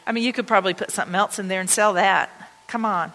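A woman pastor telling personal stories in a conversational, excited sermon to her congregation. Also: mid-range voice, quick pace, a little hiss or hum. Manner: conversational, anecdotal, excited retelling. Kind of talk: storytelling sermon. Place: church sanctuary. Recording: long church-hall reverb.

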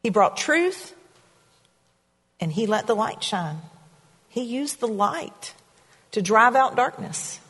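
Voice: mid-range voice, sing-song, slow, long pauses, fairly bright tone, husky. A pastor preaching a sermon in a church, in a conversational way, asking the congregation questions. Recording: reverberant hall sound.

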